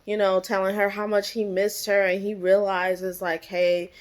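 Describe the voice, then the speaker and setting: A woman talks through a TV episode in a loose, chatty way, with lots of "like" and "you know" as she goes. Her pitch sits mid-range for a woman. She sounds like a vlogger telling friends what happened. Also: level tone, normal speed. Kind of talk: casual TV episode recap.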